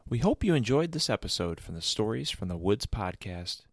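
A man reading a scripted podcast outro in a measured way. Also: on the low side, sing-song, breathy edge. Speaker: podcast host.

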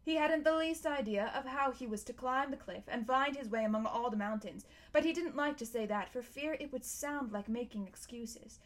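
A woman narrates a storybook aloud in an expressive, measured way. Her voice sits somewhat high.

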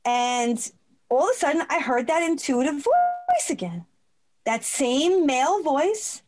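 Appearing as a conversation guest, a high-voiced woman shares a personal story. She laughs readily, stays expressive, and performs the voices she quotes.

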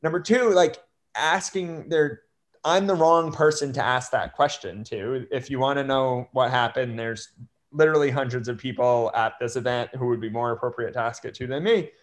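Earnest young man with halting speech. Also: medium pitch. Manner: earnest, halting, many restarts and fillers. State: choked up with emotion. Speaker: guest. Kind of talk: conversational interview.

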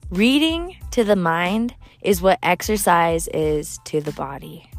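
A brash, profane woman, drawling through a gossipy story at an unhurried pace and breaking into laughter often. Faint music plays behind her. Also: on the low side. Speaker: storyteller vlogger. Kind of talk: casual storytelling monologue.

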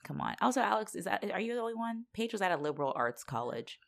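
A woman co-hosting a casual podcast recap, animated and laughing, acting out characters in quick voices. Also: mid-range voice, vocal fry. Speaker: podcast co-host recapping a TV show. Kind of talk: casual chat.

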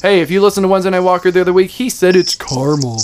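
A man's voice: sits high, rapid-fire, smooth. A man hosting a casual podcast, joking and teasing his friends as he talks. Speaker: podcast host. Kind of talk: casual banter.

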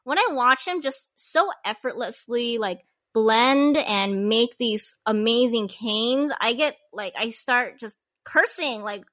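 A woman who makes polymer clay videos, chatting casually in an animated way, with gasps and exclamations. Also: a little high, slow, hardly any pauses, dry recording, clean studio sound. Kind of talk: casual chat.

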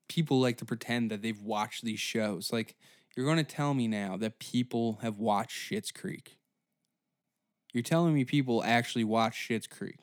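A man's voice: mid-range voice, dry recording, clean studio sound. A man hosting a comedy podcast, ranting sarcastically with lots of swearing and incredulous questions. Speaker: podcast host.

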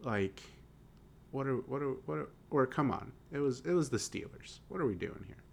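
A young man with a Southern American accent, co-hosting a casual sports podcast, animated and dropping the g on his -ing words. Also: medium pitch, moderate pace, gravelly, a little hiss or hum. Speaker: podcast co-host.

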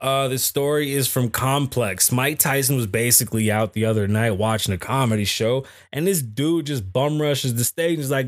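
A man's voice: medium pitch, animated, normal speed, dry recording, clean studio sound. A man hosting a casual podcast, reading news stories aloud and cutting in with blunt, profane, mocking comments. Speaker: podcast host.

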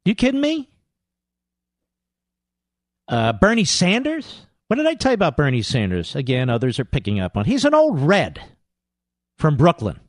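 Sarcastic guy ranting on talk radio, high voice, big swings up and down. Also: huge pitch swings, moderate pace, long pauses, no room sound, clean studio sound. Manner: combative, sarcastic, mocking. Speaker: radio talk show host. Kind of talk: political talk radio monologue.

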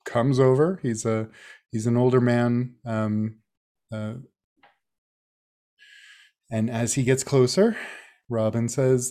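A man's voice: mid-range voice, fairly even intonation, slow pace, long pauses, dark tone. A man narrating a tabletop game as game master, hesitant with many fillers.

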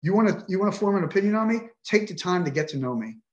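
A man's voice: high voice, lively intonation, rapid-fire, echoey room, highs cut off. A middle-aged man telling his own story on a podcast, emotional, frustrated and indignant, with frequent swearing. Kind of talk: emotional personal account.

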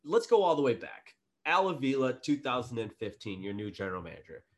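A man co-hosting a casual sports podcast, getting loud and fired up, then pulling himself back. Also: mid-range voice, very animated, a little fast. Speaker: podcast co-host.

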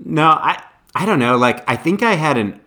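A man's voice: fairly high pitch, animated, moderate pace, pushed and bright. An American man co-hosting a casual sports podcast, talking in a hesitant, thinking-aloud way. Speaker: podcast co-host.

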